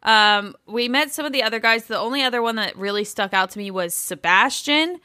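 A woman's voice: a little high, a little fast, pushed and bright, no room sound, clean studio sound. A woman co-hosting a podcast, chatting bluntly and with lots of swearing about a reality show. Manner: blunt, profane, giggly. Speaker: podcast co-host. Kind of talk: casual reality TV recap chat.

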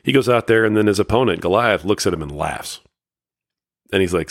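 Deep-voiced man talking casually. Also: expressive, fairly quick, gravelly, no echo, studio quality. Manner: loose, conversational, heavy on fillers. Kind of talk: casual talk retelling a Bible story.

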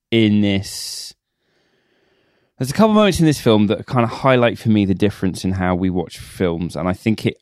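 A man with a fairly low voice walks through film scenes in detail and muses on what they mean, often restarting his sentences. He speaks as a podcast co-host. The recording is dry and close-miked. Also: clear, resonant tone, no echo. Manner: detailed, reflective retelling with many restarts. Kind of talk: casual film discussion.

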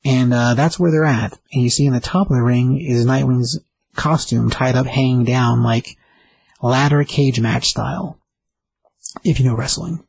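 A man's voice: mid-range voice, normal speed, vocal fry, darkish tone, breathy edge, rough recording. A man casually retelling a comic book story as a recap host, loose and chatty. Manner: loose and chatty, with many fillers and restarts.

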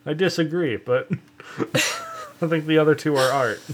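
A man's voice: fairly high pitch, unhurried, slight background noise. A man co-hosting a comedy podcast, chatting casually and laughing often. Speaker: podcast co-host.

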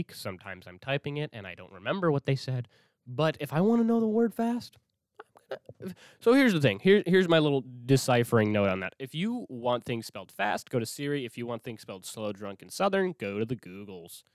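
A young man talks into his mic in a loose, profane solo podcast rant, often stopping and restarting his sentences. His pitch swings widely as he goes. The sound is close and dry, with no room around it. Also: big pitch swings, brisk, no echo. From Minnesota. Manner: rambling, profane, self-interrupting. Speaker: podcast host.

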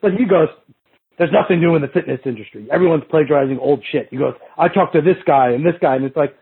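A fitness industry coach appears as a podcast guest, spinning rambling, profane stories and playing both parts of old conversations. His voice is fairly high and breathy at the edges, and he talks fast. The line sounds tinny, like a phone.

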